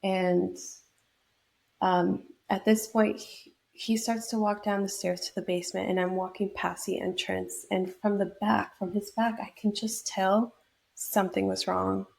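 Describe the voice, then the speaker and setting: Young woman with a gravelly voice. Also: medium pitch, level tone, a little slow, darkish tone. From New York state. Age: young adult. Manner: reflective, many fillers and restarts. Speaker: podcast guest. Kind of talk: personal storytelling in an interview.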